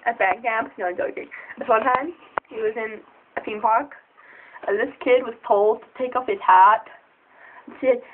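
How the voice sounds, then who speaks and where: A young girl telling funny stories to camera, giggly and excitable, often jumping into squeaky voices. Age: child. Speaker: storyteller. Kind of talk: casual storytelling to camera. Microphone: phone. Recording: tinny phone recording.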